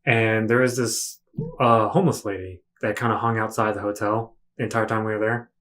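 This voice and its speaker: A man's voice: lowish voice, fairly quick. A young man co-hosting a casual podcast, telling stories and acting out the people in them. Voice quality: animated, acts out quoted voices. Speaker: podcast co-host. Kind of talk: casual storytelling chat.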